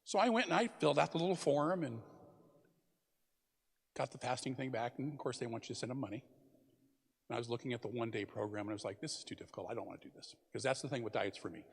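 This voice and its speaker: A man's voice: mid-range voice, fast, creaky, pauses often, breathy edge, in a large hall. An older man interviewed at a church seminar, plainspoken and self-deprecating. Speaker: interview guest. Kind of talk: casual interview. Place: church hall.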